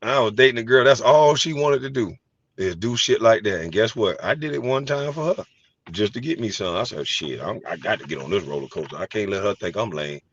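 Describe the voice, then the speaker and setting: A middle-aged man hosting a casual chat, telling animated, profane stories and laughing easily. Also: mid-range voice, fairly quick, no echo. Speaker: host. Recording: dry, slightly dull sound.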